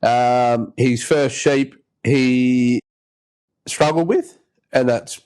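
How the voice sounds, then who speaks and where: Speaking very slowly in a darkish, medium-pitched voice, an Australian-accented podcast host tells a rambling yarn casually and chattily, performing the voices of the characters he quotes.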